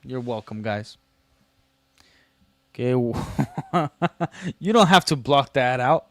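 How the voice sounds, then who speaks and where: A man's voice: mid-range voice, expressive, very slow, fairly bright tone, no echo, clean studio sound. Slangy, joking man on a livestream. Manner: reads chat messages aloud and answers them, joking and teasing; slangy, loose delivery with many fillers. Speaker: livestream host. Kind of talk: casual livestream chat.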